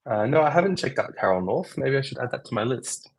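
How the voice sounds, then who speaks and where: A man's voice: medium pitch, lively intonation, quick pace, gravelly, husky, rough recording. A man, a doctor, answering viewer questions in a loose, thinking-aloud livestream chat.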